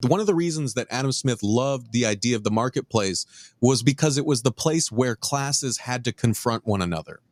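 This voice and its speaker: A man explains social and economic ideas in a calm, analytic lecture style. His voice is recorded close, with a dry sound and no room echo. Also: mid-range voice, moderate pace.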